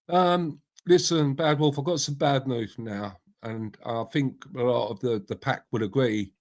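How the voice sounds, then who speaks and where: A man's voice: mid-range voice, unhurried, hardly any pauses. Middle-aged man, casual live-stream host, rambling, matey, swears. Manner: chatty, rambling, swears freely, greets viewers by name. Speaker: livestream host. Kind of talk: casual live-stream chat reading out comments.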